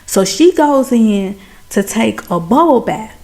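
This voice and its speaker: A woman giving a chatty, animated recap of a TV drama, talking straight to her viewers. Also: on the high side, slow. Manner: chatty, addresses viewers as y'all and baby; animated, exclaims over plot twists. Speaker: TV show recapper.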